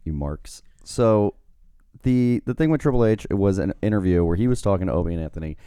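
Deep, mellow podcast man. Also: fast, clean tone, no echo, studio quality. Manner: relaxed, wry storytelling with fillers. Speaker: podcast co-host and writer. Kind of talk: casual podcast chat.

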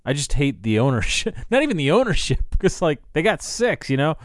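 A man's voice: a little high, very animated, brisk, no room sound, studio quality. A man chatting casually as a podcast co-host in a loose, opinionated way. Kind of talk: casual chat.

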